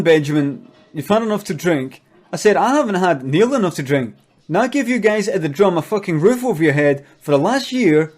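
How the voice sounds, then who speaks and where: A Glaswegian man playing a boastful, foul-mouthed business boss in a rambling comedy monologue full of hesitant fillers that breaks into furious shouting. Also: high voice.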